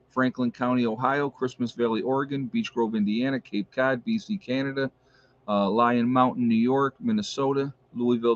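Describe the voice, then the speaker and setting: A man's voice: medium pitch, no room sound. Chatty man hosting a lo-fi livestream. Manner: chatty, reads out viewer shout-outs, opinionated asides. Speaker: livestream host. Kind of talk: casual livestream chat. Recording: dull lo-fi stream audio.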